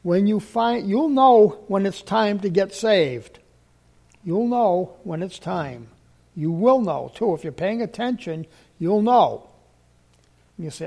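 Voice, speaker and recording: A man with a high, gravelly voice preaches a folksy sermon. His tone is mellow and unhurried, and he tells homespun stories, repeating key lines and slowing down to hammer them home. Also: animated. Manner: homespun, repetitive, slows for emphasis.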